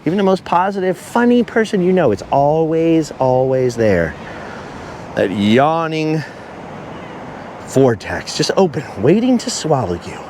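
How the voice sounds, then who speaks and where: A man's voice: a little high, big pitch swings, a little slow, darkish tone, slight background noise. A man vlogging as he walks along a beach outdoors, talking at length and wandering off topic as he goes. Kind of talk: rambling walk-and-talk monologue.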